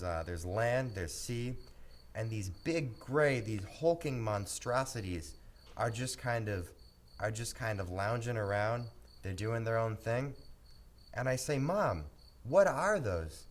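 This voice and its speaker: A man tells a silly story with earnest, rambling delivery at an ordinary pitch. Crickets chirp faintly behind him. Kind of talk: deadpan comic storytelling.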